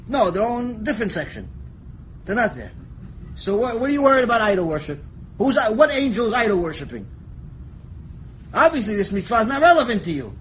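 A man teaching a Torah lecture, animated storytelling that jumps between quiet asides and shouted lines, joking with his listeners. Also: sits high, fairly quick, long pauses, a little hiss or hum, low-quality recording. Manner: animated storytelling, acts out voices, jokes, shouts for emphasis. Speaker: rabbi teaching a lecture series.

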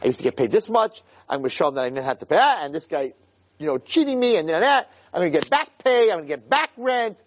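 A man's voice: on the high side, big pitch swings, quick pace. A man voicing a young prince turned peasant, earnestly laying out his complaints in a sermon parable. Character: young exiled prince, now a hopeful peasant.

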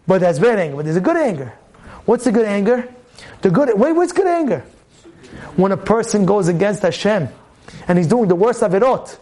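In a sermon on the weekly Torah portion, an animated rabbi speaks a little fast and with emphasis. He repeats phrases, poses rhetorical questions, and alternates loud outbursts with low asides.

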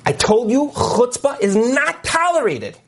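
A man putting on the voice of his old rabbi teacher, a jolly but strict older man who bursts out sternly and then speaks warmly. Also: big pitch swings, moderate pace, slightly rough. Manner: booming stern outbursts, then warm.

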